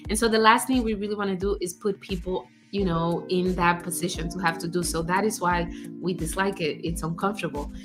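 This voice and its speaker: A woman career coach giving casual advice, animated, acting out example phrases and laughing often. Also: fairly low pitch, brisk, over music. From United States.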